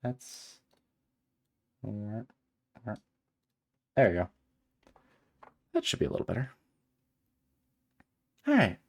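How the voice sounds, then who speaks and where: A man streaming a visual novel, reading its narration aloud between animated, exasperated asides. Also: lowish voice, drawn-out words, creaky, long pauses.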